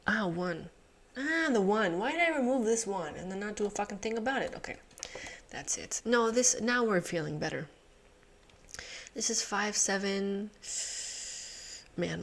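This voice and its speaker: Host, female, mid-pitched, casual think-aloud solving, mutters, swears, laughs a lot. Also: slight background noise. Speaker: puzzle channel host.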